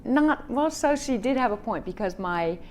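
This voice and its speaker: A woman's voice: on the high side, expressive, moderate pace, slight background noise. A woman who is an author guest, chatting wryly with a laugh in her talk. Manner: wry, laughing. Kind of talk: casual conversation.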